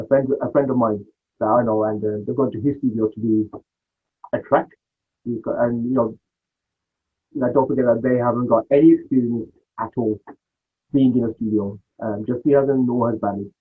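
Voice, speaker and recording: Male guest, husky voice, tinny phone-like sound, rambling storyteller who acts out quotes. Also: medium pitch, steady tone, moderate pace. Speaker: podcast guest, music producer. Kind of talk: casual storytelling interview.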